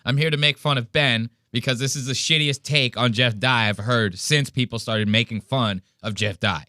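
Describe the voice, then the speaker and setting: Man, podcast host, profane mocking rant, bright sharp voice, dry close sound. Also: mid-range voice, moderate pace, dry recording. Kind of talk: ranting reaction commentary.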